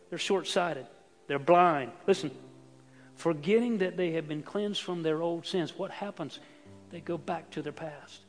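A man preaching a sermon as pastor, swinging from hushed asides to shouted emphasis. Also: a little high, in a large hall. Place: church sanctuary.

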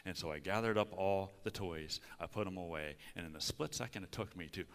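Deep-voiced man preaching in a reverberant hall. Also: a little fast. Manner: folksy, conversational, frequent "okay?" asides. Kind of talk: sermon. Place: church sanctuary.

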